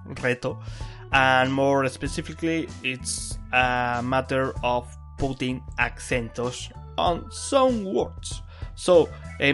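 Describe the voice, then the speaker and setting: A man hosting a beginner Spanish podcast, explaining grammar in a lively, emphatic way and repeating key words for stress. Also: medium pitch. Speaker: Spanish teacher and podcast host. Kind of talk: bilingual language lesson.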